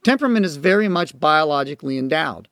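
A man's voice: a little high, lively intonation, quick pace, fairly bright tone, no room sound, studio quality. A man teaching parents in a recorded lecture, explaining in an earnest, emphatic way. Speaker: parenting educator and counselor.

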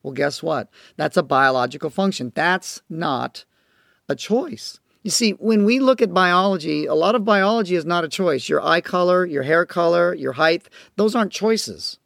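A man's voice: sits high, expressive, moderate pace, creaky, fairly bright tone, no room sound, clean studio sound. A man teaching parents in a recorded lecture, explaining in an earnest, emphatic way. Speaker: parenting educator and counselor.

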